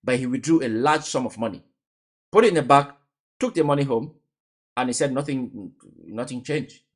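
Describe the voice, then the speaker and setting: Man, commentator, emphatic rhetorical questions, average pitch. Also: normal speed. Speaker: reaction commentator. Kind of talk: casual reaction commentary.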